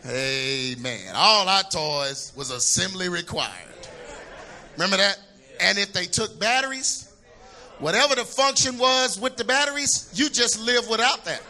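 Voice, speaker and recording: High, bright-voiced preacher man. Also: a little slow. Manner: animated, shouts for emphasis, humorous storytelling. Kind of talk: sermon.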